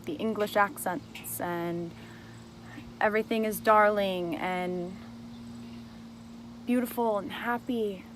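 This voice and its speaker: This is an emotional direct-to-camera testimony: a young woman recounts a personal grievance, first accusing someone angrily and confrontationally, then explaining her side more calmly. Her medium-pitched voice is slow with frequent pauses, over slight background noise.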